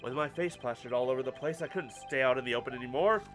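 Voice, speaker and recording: A man's voice: medium pitch, fast talker, fairly bright tone, soft background music, pitched below the performer's own voice, natural voice. A man voicing a cocky, evasive young male rebel in a video game, with a casual, dismissive drawl. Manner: casual, dismissive drawl, talks with mouth full.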